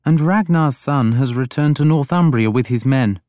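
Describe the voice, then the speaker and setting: A shrewd king who questions calmly and sternly, his voice pitched a little high, as a man reading the story puts him on. The delivery is measured and deliberate. It sounds close and dry, with no room around it. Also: dry recording, lightly acted. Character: stern, shrewd, mild-spoken male king. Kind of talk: audiobook character voice.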